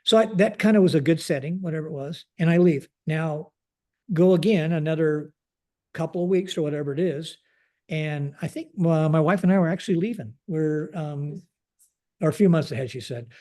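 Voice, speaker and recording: A man in his sixties, a retired general telling stories as a podcast guest, halting and restarting often. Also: a little high, dark tone. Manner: halting, frequent restarts, keeps saying "like this". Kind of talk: conversational storytelling.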